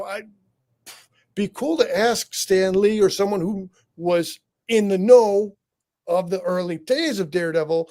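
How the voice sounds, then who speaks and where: A man co-hosting a live review show, talking excitedly in rambling tangents with frequent laughs. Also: sits high, gravelly. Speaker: podcast co-host. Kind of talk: enthusiastic review chat.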